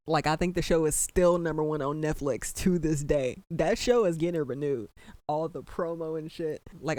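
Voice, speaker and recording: A man's voice: a little high, darkish tone, dry recording. A man hosting a casual podcast, ranting emphatically and repeating himself, with plenty of "like" and "bro". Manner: emphatic, repetitive, exasperated ranting with frequent "bro" and "like". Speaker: podcast host.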